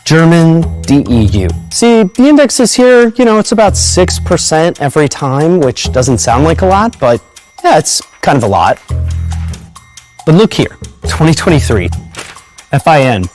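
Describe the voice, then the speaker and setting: A presenter talks casually through some figures, the voice rising and falling in a lively way. Faint music sits in the background. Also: medium pitch, moderate pace. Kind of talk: informal explainer video.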